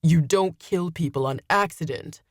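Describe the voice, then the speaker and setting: A woman voicing a vengeful male demon father who speaks deep, cold and menacing in an audiobook. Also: normal speed, dry recording, clean studio sound, close to an everyday voice.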